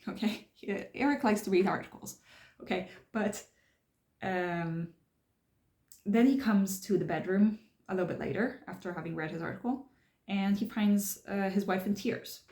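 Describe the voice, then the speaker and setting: A woman's voice: medium pitch, normal speed, warm tone. Woman talking through a book in a roomy echo. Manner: thinks aloud, explaining step by step. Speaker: channel host discussing a self-help book. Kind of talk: casual spoken book commentary.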